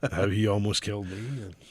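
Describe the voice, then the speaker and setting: A man with a softened Scottish accent, co-hosting a podcast in casual, profane, joking chat. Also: fairly low pitch, a little slow. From Scotland. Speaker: podcast co-host.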